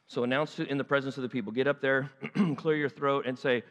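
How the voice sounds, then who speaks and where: A man's voice: medium pitch, fairly even intonation, fast talker, few pauses, a bit bright. A man preaching a sermon, acting out the story animatedly in different voices. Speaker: pastor. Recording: long hall reverb.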